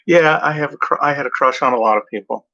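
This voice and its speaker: Male host talking to camera off the cuff, with halting, rambling delivery, a tense bright tone and muffled lo-fi sound. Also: mid-range voice, gravelly. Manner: rambling, hesitant, with many fillers and self-corrections. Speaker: video host. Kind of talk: casual talk to camera. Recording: dull lo-fi sound.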